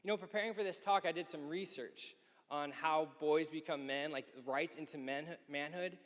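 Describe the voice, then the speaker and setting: A man in his thirties speaking at a youth conference men's session. He tells a lively story and acts out the people he quotes. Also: on the high side, normal speed. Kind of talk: storytelling talk. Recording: echoey hall.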